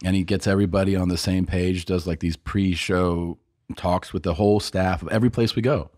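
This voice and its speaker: Low-voiced man telling a story, dry sound. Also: brisk, no room sound. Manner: animated storyteller, acts out others' lines, laughs often. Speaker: podcast co-host and comedian. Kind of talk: casual storytelling chat.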